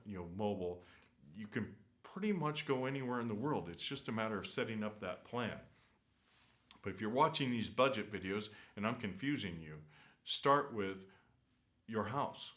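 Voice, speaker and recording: A man's voice: on the low side, fairly bright tone. A man vlogging from a hotel room, rambling in an earnest, opinionated rant with lots of fillers and restarts. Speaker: travel vlogger. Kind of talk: casual unscripted rant.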